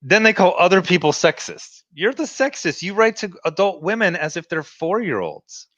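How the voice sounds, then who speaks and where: Us guy guesting on a podcast, halting way of talking, dry muffled call audio. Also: sits high, very animated, fairly bright tone, no room sound. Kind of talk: casual podcast interview.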